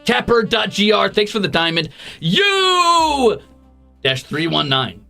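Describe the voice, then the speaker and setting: A male streamer with a bright, high voice that leaps around in pitch. He swears freely and teases his viewers in mock-grumpy banter while thanking them, and faint music plays under him. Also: sing-song, slow pace, vocal fry. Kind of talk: casual livestream chat, reading donations.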